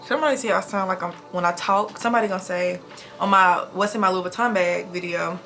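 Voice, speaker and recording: A young woman in her twenties talking fast and casually while getting ready in her bathroom, recorded on a camera mic. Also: fairly low pitch, sharp tone, soft background music. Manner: talks fast without pauses, breathy between sentences. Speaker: nurse vlogger. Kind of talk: casual get-ready-with-me vlog. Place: home bathroom.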